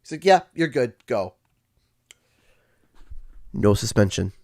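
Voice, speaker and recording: A man from Canada hosting a livestream, telling a school story in a casual, animated way. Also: mid-range voice, slow. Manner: animated, acts out quoted voices. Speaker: livestream host.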